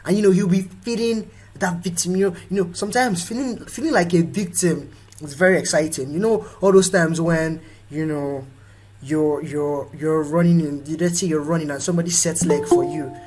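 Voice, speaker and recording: A young Nigerian man hosting a motivational live talk, animated and quick to act out the voices of people in his stories. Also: a little high, rough recording. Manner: animated, acts out quoted voices. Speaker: host.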